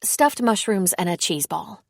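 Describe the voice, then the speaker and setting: Lady reading as a nervous woman who stammers, low gravelly voice, dry. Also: animated, measured pace, no echo. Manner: hesitant, stammering. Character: nervous, self-deprecating middle-aged woman.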